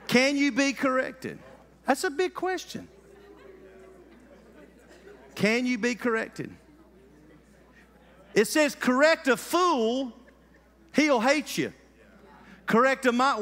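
High-voiced preacher in a hall. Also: male voice. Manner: animated, calls out to the congregation. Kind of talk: lively sermon. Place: church sanctuary.

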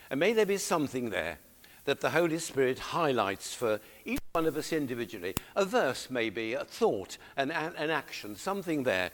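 A man's voice: medium pitch, fairly bright tone. A man preaching a sermon, coaxing his congregation to read along with him. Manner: exhorting, coaxing the congregation to join in.

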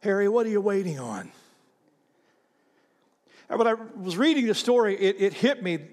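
A man preaching a sermon as pastor, animated, repeating himself and calling on the congregation to read aloud. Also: sits high, moderate pace, big-room sound. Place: church sanctuary.

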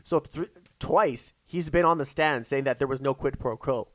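A man's voice: mid-range voice, normal speed, fairly bright tone, no echo. A man co-hosting a casual chat, rambling with many fillers and restarts as he retells events.

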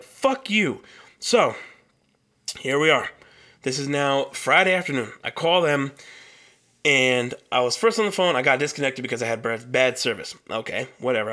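A man's voice: medium pitch, expressive, moderate pace, sharp tone. A young man hosting a solo podcast, telling a long story in a heated, profane rant. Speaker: podcast host.

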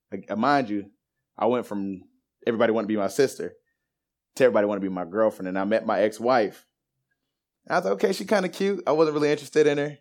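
A man in his thirties giving a personal faith testimony, telling it as a lively story and acting out the voices of the people in it. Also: on the low side. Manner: animated storyteller who acts out quoted voices.

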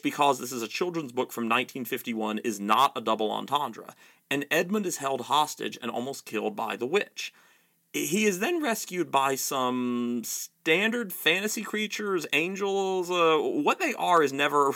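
Man narrating a video essay, dry wit, lively pitch, gravelly. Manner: dry, wry humor.

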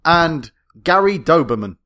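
A man's voice: a little high, big pitch swings, unhurried, pushed and bright. A man with a British accent co-hosting a casual film review podcast, joking around and stumbling over names. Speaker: podcast co-host.

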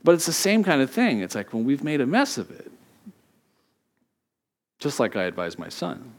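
A middle-aged man preaches in a relaxed, conversational way. He tells stories with animated quoted voices and frequent laughs, then drops into quieter reflective reading of scripture. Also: medium pitch, moderate pace. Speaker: pastor. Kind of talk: sermon.

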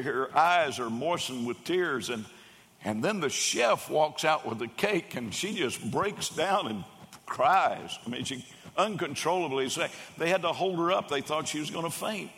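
A man preaching a sermon, telling a story and raising his voice when he quotes the people in it. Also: a little high. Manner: animated storyteller, raises voice for quoted characters. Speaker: pastor. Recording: long hall reverb.

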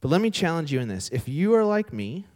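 A man's voice: on the high side, quick pace. A young man preaching a sermon in a church, telling a story and acting out its characters. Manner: animated storytelling with voiced characters. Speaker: pastor. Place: church sanctuary.

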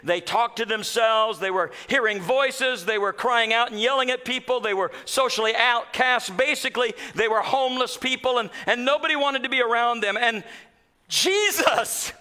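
Male pastor, middle-aged, very high bright voice, sermon with big dynamic swings. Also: moderate pace, hardly any pauses. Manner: dramatic swings from loud to hushed.

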